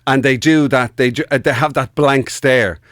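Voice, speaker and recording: A man's voice: mid-range voice, steady tone, normal speed, fairly bright tone, dry recording, clean studio sound. A man co-hosting a radio show, chuckling and jumping in to riff on his partner's story. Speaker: radio co-host. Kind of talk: casual chat.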